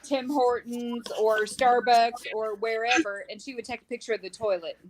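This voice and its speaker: A woman's voice: on the high side, fairly even intonation, normal speed, a little hiss or hum, low-quality recording. A woman chatting casually on a live stream, sympathetic and laughing along with friends.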